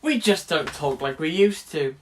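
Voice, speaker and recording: A man's voice: on the high side, expressive, moderate pace. A young man in his late teens chatting wryly in a casual vlog about his drama course. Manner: chatty and wry, restarts sentences. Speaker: drama student vlogger.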